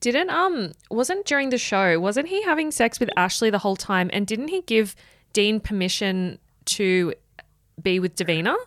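Woman host reacting with quick questions. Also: medium pitch, expressive, a bit bright, dry recording, clean studio sound. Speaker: podcast host. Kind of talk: casual chat.

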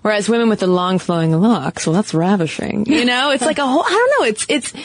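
A woman's voice: a little high, very animated, fast. A woman co-hosting a casual chat show, thinking aloud with frequent restarts. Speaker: podcast co-host.

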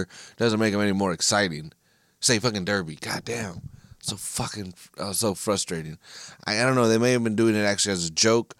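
A lower-voiced American man talks alone into the mic as a podcast host. He rants with frustration, swears constantly and trips over his own restarts. The sound is dry and close, with no room around it. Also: a bit bright, no room sound. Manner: profane, frustrated, ranting with frequent restarts. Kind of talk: solo casual podcast rant.

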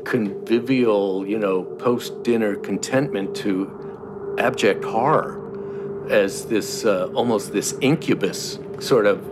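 A man's voice: lowish voice, slow pace, noisy background. A man recalling a past evening in an interview, searching for words. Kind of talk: recounting memories.

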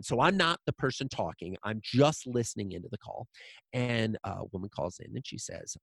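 A man's voice: on the low side, vocal fry, husky, no echo. A man speaking as a guest in an interview, telling a story with emphasis and repeating short lines for weight.

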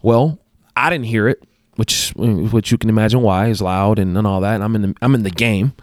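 Low-voiced man telling a story. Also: fairly quick, dry recording, clean studio sound. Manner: rambling, restarts and self-corrections. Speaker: guest, basketball coach and athletic director. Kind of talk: casual storytelling.

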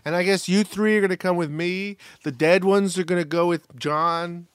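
A man's voice: high-pitched, moderate pace, clean tone, no echo. A man co-hosting a podcast, chatting casually and joking as he recaps a reality show. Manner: joking, animated, trails off mid-sentence. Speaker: podcast co-host.

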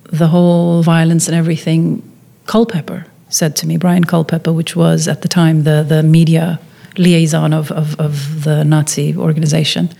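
A woman with a low, mellow and somewhat breathy voice talks through a personal story in a relaxed interview. She restarts her sentences often and voices the remarks of the people she met. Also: normal speed. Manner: animated retelling, acting out quotes, frequent restarts. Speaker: documentary filmmaker, guest. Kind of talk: conversational storytelling.

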